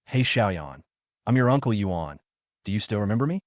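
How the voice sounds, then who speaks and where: A man's voice: on the low side, expressive, moderate pace, no echo, studio quality, close to an everyday voice. A man reading the lines of a pot-bellied middle-aged man who plays the peacemaker in a familiar, placating way.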